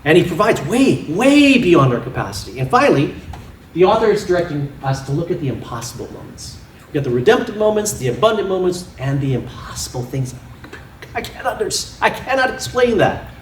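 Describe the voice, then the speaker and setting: A man preaching a sermon in a church, animated and often laughing as he makes his points with props and playful sound effects. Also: a little high, a little fast, reverberant, distant mic, a little hiss or hum. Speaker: pastor. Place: church sanctuary.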